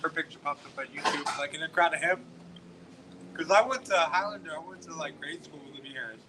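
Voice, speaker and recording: A man's voice: on the high side, brisk, pushed and bright, a little hiss or hum, poor audio. A man in his forties from Texas, telling stories in casual, profane podcast chat at a restaurant. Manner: profane, rambling storyteller full of "like". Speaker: podcast host.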